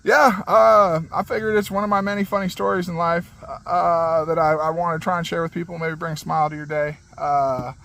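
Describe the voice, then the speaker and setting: A high-voiced man tells a story in a loose, rambling way, full of fillers and restarts. He laughs as he talks. His manner is casual and animated, like a vlogger chatting to his viewers. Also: fairly quick, vocal fry, hardly any pauses, low-quality recording. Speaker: channel host.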